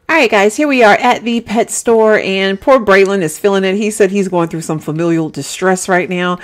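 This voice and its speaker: A woman's voice: medium pitch, normal speed, few pauses. A woman giving chatty, giggly let's-play commentary on a life-simulation game, talking straight to her viewers.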